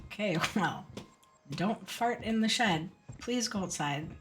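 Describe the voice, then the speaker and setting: A woman's voice: medium pitch, expressive, slow, over music. A woman streaming a game live, chatty and joking as she talks to her chat. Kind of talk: casual live game commentary.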